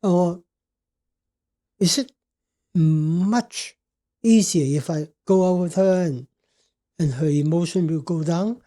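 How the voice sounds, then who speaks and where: An older man as a podcast guest, telling a personal story in a halting way, searching for words. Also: on the high side, dark tone.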